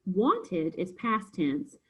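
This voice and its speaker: Patient woman teacher with a husky voice. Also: lowish voice, wildly swooping pitch, extremely slow, fairly bright tone, rough recording. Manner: patient, step-by-step explaining. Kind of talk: recorded homework review lesson.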